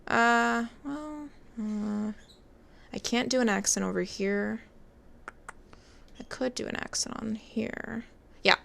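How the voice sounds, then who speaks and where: A woman narrating her own craft work in a relaxed, chatty way as she goes. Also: fairly high pitch, creaky. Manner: relaxed, chatty, talks while working. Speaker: resin artist.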